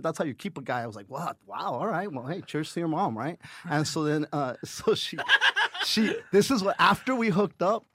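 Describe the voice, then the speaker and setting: A man's voice: mid-range voice, no echo. A middle-aged man, a comedian guest, telling profane stories in casual podcast chat and acting out the quotes. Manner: profane, animated storytelling with acted-out quotes.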